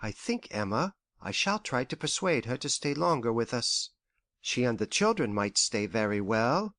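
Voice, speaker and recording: An actor playing a gentle, anxious elderly father who frets and complains softly in an audiobook. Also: medium pitch, very animated, moderate pace, dry recording, clean studio sound. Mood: fretful. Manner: worried, lingering, softly complaining. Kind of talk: audiobook character voice.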